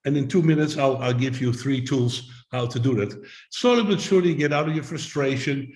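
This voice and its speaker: A man's voice: mid-range voice, brisk, a little mellow, roomy sound, poor audio. A man giving a motivational talk to a video call audience, explaining with simple images and rhetorical questions. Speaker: summit speaker.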